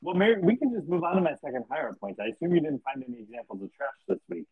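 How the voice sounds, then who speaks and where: A man's voice: fairly high pitch, very animated, very fast, breathy edge, no echo. A man co-hosting a podcast, bantering and teasing in casual chat. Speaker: podcast co-host. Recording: dry tinny phone-like line.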